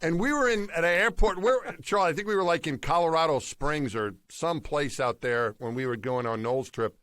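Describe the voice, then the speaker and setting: Fast-talking New Yorker telling stories. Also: male voice, fairly high pitch, a bit bright, no room sound. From New York City. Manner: rambling anecdotes with quick laughs. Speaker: podcast co-host. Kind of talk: casual storytelling chat.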